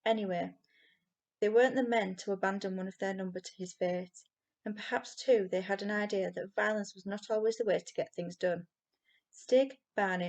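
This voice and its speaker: A woman reading a children's novel aloud with expressive storytelling. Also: mid-range voice. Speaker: reader.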